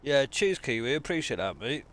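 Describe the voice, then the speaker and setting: A man's voice: medium pitch, sing-song, normal speed, a bit bright. A man, chatting casually with viewers on a live game stream and greeting them as mate. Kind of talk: live-stream chat while gaming.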